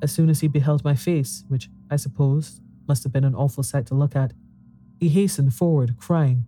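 A man's voice: a little high, fairly even intonation, normal speed, dark tone, faint music behind. A man narrating a horror story in an intense, dramatic reading, rising to fearful pleading in the dialogue. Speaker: audiobook narrator.

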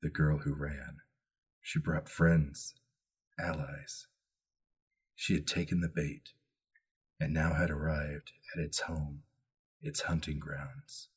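Low husky man running the game. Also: level tone. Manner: slow, hushed storytelling that drops to a murmur. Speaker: game master. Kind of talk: scripted horror narration and table chat.

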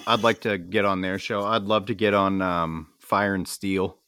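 A man with a bright, forceful voice, joking and laughing through a relaxed podcast chat. He swears casually, and his voice is pitched a little low. The sound is dry and close. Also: normal speed, clear, resonant tone, dry recording. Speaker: podcast co-host.

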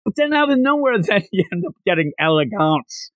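A man in a casual podcast chat, recapping with animated energy and acting out lines with sudden leaps in pitch. His voice sits a little high for a man. The sound is dry and close, with no room echo. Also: a little fast. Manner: animated, acts out quotes with jumps in pitch. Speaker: podcast co-host.

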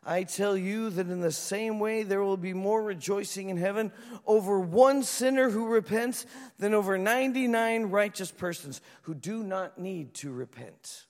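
Pastor, male, high voice, lively storytelling sermon, long hall reverb. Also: moderate pace. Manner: animated storytelling, acts out voices.

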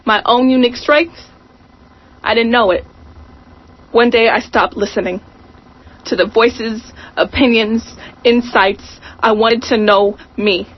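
A woman reading a poem aloud in a slow, deliberate, introspective way, heard over a muffled radio broadcast. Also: fairly high pitch, fairly even intonation, husky. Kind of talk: poetry reading.

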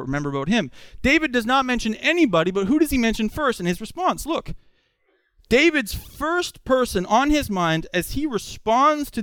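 A male preacher delivering an expository sermon in an animated, conversational way, full of rhetorical questions. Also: sits high, smooth, no echo.

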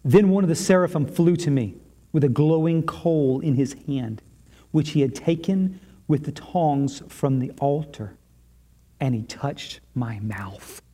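A male pastor giving a sermon, retelling a scene dramatically with long pauses and repetition. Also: on the high side, lively intonation, dark tone, slightly rough.

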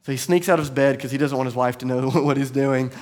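A man preaching a sermon as pastor, telling a story earnestly and sometimes dropping to soft, quiet tones. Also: mid-range voice, steady tone, quick pace, slight background noise. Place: church sanctuary.

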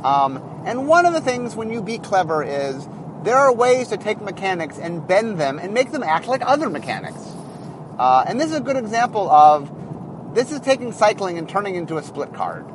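A man with a high voice talks through design decisions in a loose, rambling way. His pitch swoops up and down as he thinks aloud. Faint traffic hum sits behind him in a car. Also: sing-song, moderate pace. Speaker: game designer. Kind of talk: casual explanatory monologue.

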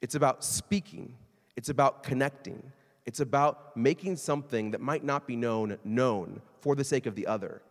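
A man preaching a sermon in a conversational, animated way, sometimes acting out quoted voices. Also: medium pitch, normal speed, big-room sound. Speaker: pastor.

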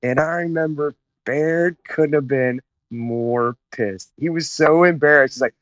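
A man's voice: on the high side, measured pace, fairly bright tone, no echo, highs cut off. A man from Tennessee telling rambling, laid-back stories as an interview guest, dropping "man" and "whatnot". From Chattanooga, Tennessee, USA. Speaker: podcast guest, naval officer. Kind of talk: casual interview storytelling.

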